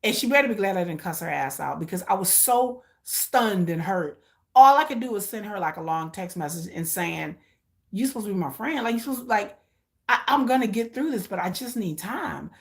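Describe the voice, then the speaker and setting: A woman's voice: mid-range voice, animated, brisk, vocal fry. A middle-aged woman casually telling a personal story, blunt and emotional, swearing freely and acting out what others said. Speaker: live watch-along streamer.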